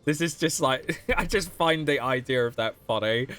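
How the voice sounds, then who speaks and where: A man's voice: mid-range voice, normal speed, a bit bright. A young man chatting casually on a game livestream, chatty and giggly. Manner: chatty and giggly, often laughing mid-sentence. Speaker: streamer.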